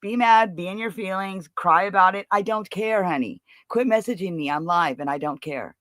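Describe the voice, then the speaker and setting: A woman's voice: medium pitch, moderate pace, fairly bright tone, no room sound. Blunt, cursing woman streamer. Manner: blunt, profane, defensive. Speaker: livestream host. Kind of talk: heated casual livestream chat.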